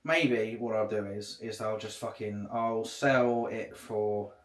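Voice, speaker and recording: A man's voice: lowish voice, steady tone, slow. A man chatting casually on a livestream, rambling and swearing a lot. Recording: echoey room.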